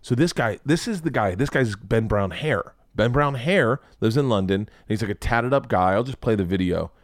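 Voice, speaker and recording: A man hosting a casual podcast chat, rambling and swearing with excitable energy. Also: medium pitch, normal speed, no room sound, studio quality. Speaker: podcast host.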